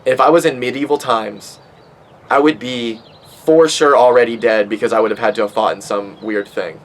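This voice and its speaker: A man's voice: mid-range voice, steady tone, moderate pace, a little hiss or hum, low-quality recording. Rambling, swearing young man. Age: 20s. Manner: profane, rambling, with many fillers. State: stoned. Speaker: podcast host. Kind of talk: casual rambling monologue.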